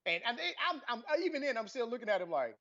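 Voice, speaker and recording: A man's voice: very high-pitched, fast talker. Rambling male podcast host, dull audio. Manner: rambling, many fillers, grows animated telling a story. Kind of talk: casual podcast storytelling.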